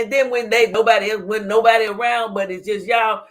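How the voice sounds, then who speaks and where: A woman's voice: on the high side, steady tone, quick pace, few pauses. A woman hosting a casual livestream talk show, blunt and sassy.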